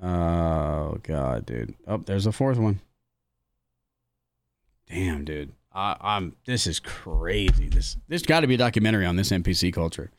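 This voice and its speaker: A man's voice: sits low, unhurried, no room sound. A young man hosting a podcast, joking crudely in casual banter. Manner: crude, joking, lively delivery. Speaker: podcast host.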